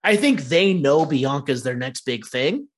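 A co-host in a casual wrestling chat, animated, with hesitant starts and some swearing. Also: mid-range voice, a little slow, breathy edge. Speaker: podcast co-host.

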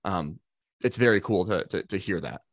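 A man's voice: deep voice, expressive, moderate pace, dry recording, studio quality. A man co-hosting a podcast, chatting casually and rambling a little, with lots of fillers and restarts. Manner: chatty, full of fillers and restarts, quotes others in put-on voices. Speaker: podcast co-host. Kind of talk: casual chat.

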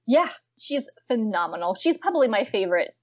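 Young woman chatting about a book and its film versions, bit high voice, giggly, dull dry lo-fi audio. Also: fairly quick, no room sound. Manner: lively, giggly, many fillers. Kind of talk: casual chat about books and films.

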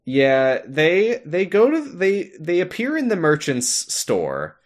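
Talking slowly in a fairly high voice whose pitch swoops wildly, this podcast co-host chats about a video game. He laughs a lot and does the characters' lines himself.

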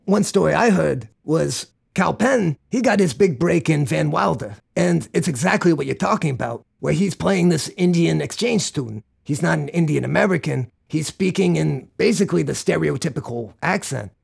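An interviewer speaking in a measured, thoughtful way. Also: mid-range voice, animated, vocal fry, a little mellow, slightly rough. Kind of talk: interview conversation.

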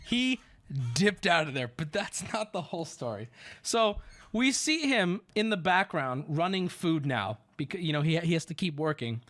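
A man in his thirties telling a rambling story as a streamer in casual chat, animated and profane. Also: high-pitched. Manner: rambling, animated, swears, acts out quotes.

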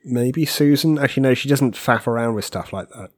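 A man on a podcast chat, speaking in a deadpan, ironic manner. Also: mid-range voice, fairly quick. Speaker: podcast co-host. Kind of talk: casual chat.

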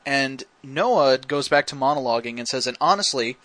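Wry male podcast host, sharp bright tone, dry close mic, chatty scene-by-scene recaps. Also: mid-range voice, fairly even intonation, dry recording. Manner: wry, detailed, quick to quote scenes. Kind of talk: casual film breakdown chat.

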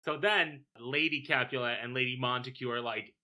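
Very bright-voiced joking man. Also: medium pitch, steady tone, moderate pace. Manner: playful, joking, chiming in. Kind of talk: casual chat.

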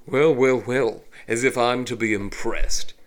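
A man voicing a refined, condescending male high elf villain in a tabletop game, drawling his lines slowly. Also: steady tone, close to an everyday voice. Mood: sneering.

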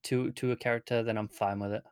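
A man's voice: medium pitch, steady tone, quick pace, clear, resonant tone, no echo, clean studio sound. A man from the English Midlands co-hosting a casual TV review podcast, easygoing and hesitant, often restarting his sentences. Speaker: podcast co-host.

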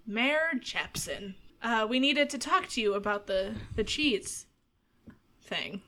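A woman voicing a female police officer who speaks in a halting, businesslike way. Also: a little high, lively intonation, pushed and bright, full character voice.

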